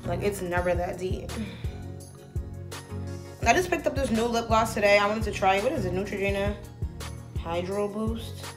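A woman's voice: medium pitch, normal speed, pauses often, over music. A woman vlogger chatting casually to her viewers while getting ready, sassy and talkative, calling them baby and y'all. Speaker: beauty vlogger. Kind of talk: casual get-ready-with-me chat.

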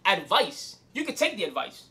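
A young man hosting his own channel, ranting casual advice to the camera in an animated, swearing way, switching between English and Spanish. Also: high-pitched, moderate pace. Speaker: host.

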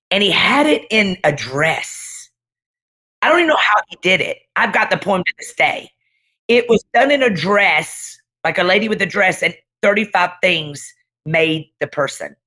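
Her voice is on the low side and a bit bright. This middle-aged pastor, appearing as a guest speaker, shares an emphatic, dramatic testimony in conversation, pressing her points with recurring refrains.

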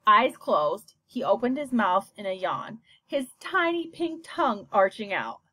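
Lively woman narrating a children's book. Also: medium pitch, measured pace, no echo. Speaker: audiobook narrator. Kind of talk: scripted storybook narration.

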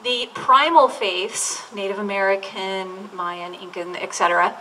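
A woman's voice: mid-range voice, steady tone, a little slow, bright, forceful tone, slight background noise. A woman pastor delivering a sermon, preaching in an earnest way and drawing out key words for emphasis. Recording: distant mic with faint room ambience.

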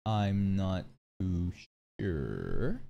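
A young man casually reacting to an anime episode as a streamer, swearing, laughing and riffing quick jokes. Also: sits low, wildly swooping pitch, creaky, highs cut off. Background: anime soundtrack playing.

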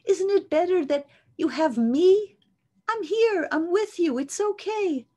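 A woman voicing a gentle husband in a retold scripture story, soothing his wife with tender reassurance. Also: very high voice, animated, slow, voice pushed up, full character voice.

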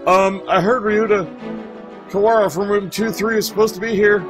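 A man voicing a polite, nervous young schoolgirl heroine in a dating game, raising his voice higher. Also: steady tone, moderate pace, a bit bright, soft background music.

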